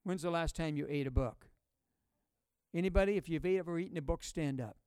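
A male pastor preaching a sermon, calling out questions to his congregation and booming on key words. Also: brisk, darkish tone, clear, resonant tone, no echo. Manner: emphatic, call-and-response preaching.

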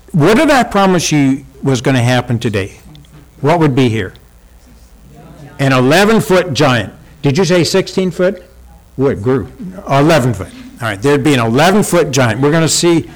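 Man, preacher, emphatic sermon, rhetorical questions, mid-pitched voice, church hall. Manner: emphatic, rhetorical questions, asks congregation for help. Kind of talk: sermon with visual aids.

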